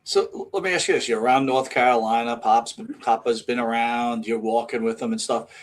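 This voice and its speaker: A man's voice: medium pitch, a little fast. A man co-hosting a wrestling podcast, asking enthusiastic, rambling questions. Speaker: podcast co-host. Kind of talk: casual podcast interviewing.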